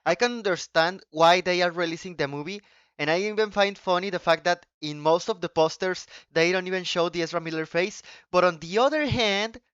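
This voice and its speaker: A man whose first language is Spanish, live-streaming and chatting to viewers in an excitable, profane rant full of restarts. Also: high-pitched, a little fast, smooth, no room sound, muffled recording. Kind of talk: casual live-stream chat.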